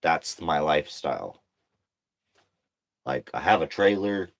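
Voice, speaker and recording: A man's voice: rumbling low, lively intonation, slow pace, no room sound. A tired man venting to camera in a slangy, profane monologue, worn down and getting heated. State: exhausted.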